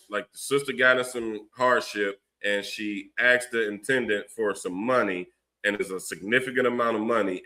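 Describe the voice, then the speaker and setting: A man with a Philadelphia accent hosting a livestream, ranting forcefully and preachily, with long runs of stammered fillers. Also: mid-range voice. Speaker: livestream host giving religious commentary. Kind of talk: heated livestream rant.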